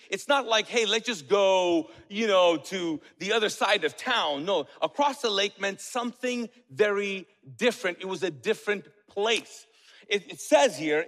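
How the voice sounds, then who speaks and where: A man preaching a sermon in a lively way. He questions the congregation and makes joking asides. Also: high-pitched. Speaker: pastor. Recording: long reverb of a church hall.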